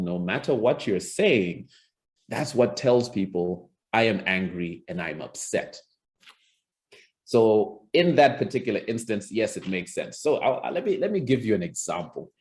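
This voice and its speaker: Over a video call, a man runs an online lesson on presentation skills as a public speaking coach. His voice sits on the low side with a darkish tone. He speaks conversationally, with frequent restarts, and acts out example lines.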